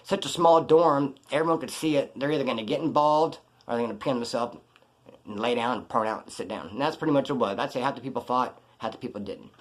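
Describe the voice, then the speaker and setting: A man's voice: medium pitch, fast. A man casually telling a prison story in blunt, profane street slang.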